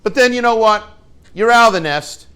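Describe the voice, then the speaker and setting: A man's voice: high voice, expressive, normal speed, bright, forceful tone, clean tone. Chatty man teaching a class. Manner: chatty, joking, asks the class questions. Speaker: rabbi teaching students. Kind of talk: informal classroom lesson.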